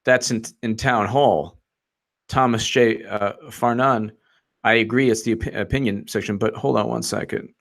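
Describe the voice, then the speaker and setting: A man's voice: fairly low pitch, fairly even intonation, moderate pace, gravelly, a bit bright. A man giving rambling, sarcastic political commentary on a livestream, often mocking quotes in put-on voices.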